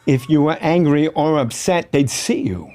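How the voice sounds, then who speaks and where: A man doing an impression of an eccentric older male movie star, deadpan, with halting pauses and a hushed delivery. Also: fairly high pitch. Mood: deadpan, cryptic. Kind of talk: comedic impression in a podcast story.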